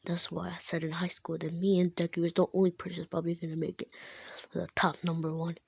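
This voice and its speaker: Give me a cocky, taunting teenage boy, as a woman puts him on, with a dark mellow tone. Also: lowish voice, level tone, quick pace, vocal fry, husky, no echo, studio quality. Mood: boastful. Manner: boastful, taunting.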